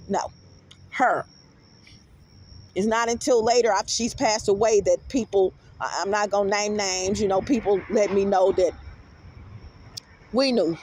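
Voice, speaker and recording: Brash woman vlogger, AAVE, high-pitched, profane, animated rant delivery. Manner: brash, profane, animated, swings into loud outbursts. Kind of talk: casual rant to camera.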